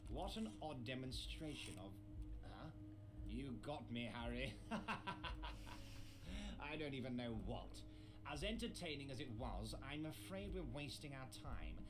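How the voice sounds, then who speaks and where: A woman voicing a fat, smooth-talking middle-aged male union boss in a genial, wheedling manner. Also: rumbling low, big pitch swings, a little slow, background noise, pitched below the performer's own voice, full character voice. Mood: amused.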